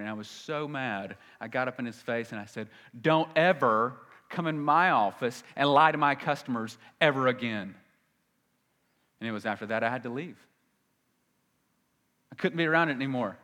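A man preaching a sermon in a conversational way, moving from loud emphasis to quiet asides. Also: mid-range voice, big-room sound. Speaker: pastor.

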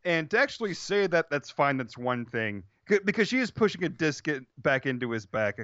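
An incredulous man rants in a bright, lively voice, swearing and tripping over his words in disbelief. He is recorded dry and a bit dull on a home podcast mic. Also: on the high side, brisk, no echo. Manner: incredulous, profane ranting with repeated restarts. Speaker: podcast co-host. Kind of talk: casual movie discussion.

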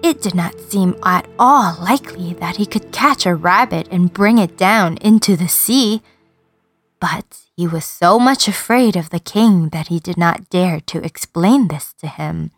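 A woman reading a children's story aloud in an expressive, sing-song storyteller manner. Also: lowish voice, measured pace, breathy edge, no room sound, soft background music.

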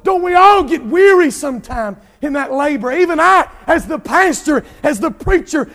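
Preaching in a large hall, a male pastor with a very high voice delivers a fiery sermon. He draws out his emphatic lines and climbs into shouting.

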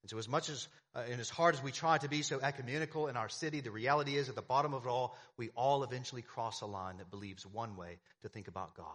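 A man's voice: medium pitch, fairly bright tone. A man preaching a sermon as pastor, emphatic, with repeated phrases and rhetorical questions to the congregation.

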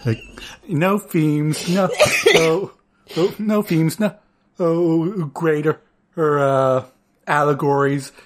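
A podcast co-host in casual comedic chat, halting and stacking repeated words. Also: mid-range voice, steady tone, noisy background.

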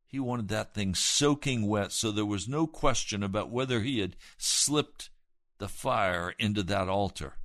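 Male preacher, lower register, emphatic sermon delivery that builds to loud climaxes. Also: a little slow, no room sound, studio quality. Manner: retells scripture with dramatic emphasis.

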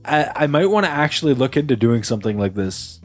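Young male podcast host, radio voice, lively and jokey, faint music bed. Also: mid-range voice, quick pace. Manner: animated, jokey, slips into exaggerated bits. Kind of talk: casual podcast banter. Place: apartment.

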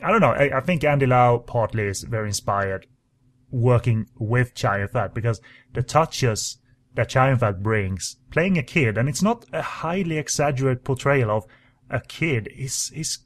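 A man's voice: medium pitch, lively intonation, moderate pace, a little hiss or hum. A man co-hosting a podcast, talking casually and enthusiastically about films, with many fillers and restarts. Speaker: podcast co-host. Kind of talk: casual film discussion.

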